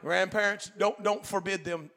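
A man preaching a Pentecostal sermon as pastor, talking in a folksy, colloquial way and swinging from quiet asides to loud shouted preaching. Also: high-pitched, fairly even intonation, moderate pace, gravelly. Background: faint congregation.

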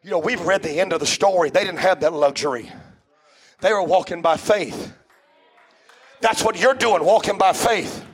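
A man pastor preaching a sermon in a church, with a rhythmic cadence that swells into shouts and frequent "uh" breaths. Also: high voice, moderate pace, breathy edge, some chatter behind. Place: church sanctuary before a congregation.

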